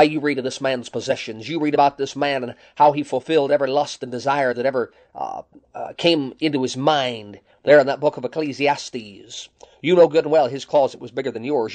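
A man preaches with emphatic force, firing off rhetorical questions and reading scripture in old-fashioned wording. His voice sits somewhat high for a man. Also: a little mellow. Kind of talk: sermon.

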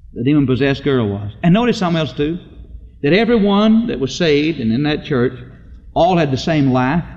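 A man's voice: a little high, a little mellow. A man preaching a sermon, telling stories in a folksy way and acting out the voices of the people in them. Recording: dull lo-fi recording in a reverberant hall.

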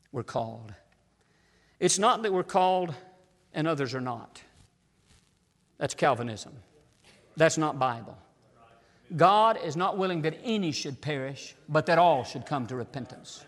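Preacher man hollering then going quiet, kinda high voice, big echoey church hall. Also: lively intonation, unhurried, long pauses. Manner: shouting preacher, swinging from loud cries to near-whispers. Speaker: pastor. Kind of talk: fiery sermon. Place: church sanctuary. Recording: long hall reverb.

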